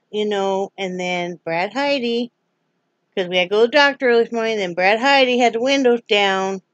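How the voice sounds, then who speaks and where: A woman's voice: mid-range voice, no room sound, muffled recording. Chatty woman vlogger, dry close sound. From Wyoming, US. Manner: chatty, rambling, folksy greetings. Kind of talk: casual daily vlog chat.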